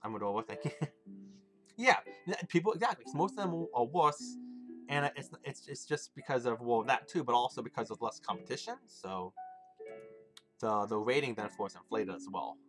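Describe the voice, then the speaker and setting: A man's voice: mid-range voice, expressive, moderate pace. Chatty male streamer over game music. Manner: chatty, rambling, swears casually, answers chat. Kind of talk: casual gaming stream chat.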